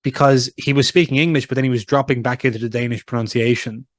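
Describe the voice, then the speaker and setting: A man's voice: mid-range voice, steady tone, fast talker, no echo. Chatty man, dry close mic. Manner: rambling, storytelling with many fillers. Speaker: podcast co-host. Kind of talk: casual chat.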